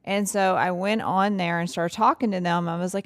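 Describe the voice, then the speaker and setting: Female office administrator, lowish voice, casual and talkative. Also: fairly even intonation, moderate pace, hardly any pauses. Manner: chatty, retells conversations. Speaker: law firm administrator. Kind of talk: casual podcast conversation.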